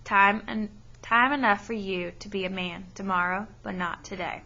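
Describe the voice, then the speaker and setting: A woman reading out a tearful mother's words to her son in a soft, hushed voice, keeping close to her own voice. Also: mid-range voice, steady tone, moderate pace, lo-fi sound. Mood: tender.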